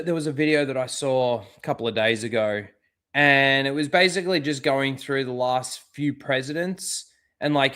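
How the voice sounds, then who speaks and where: A man hosting a casual commentary show, scornful and heavy on swearing, often rising into angry rants. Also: a little high. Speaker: commentary channel host.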